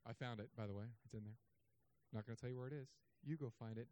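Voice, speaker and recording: A man preaching a sermon as pastor, in his thirties, with humorous, sarcastic asides and animated swings in delivery. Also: medium pitch, fast talker, dry recording.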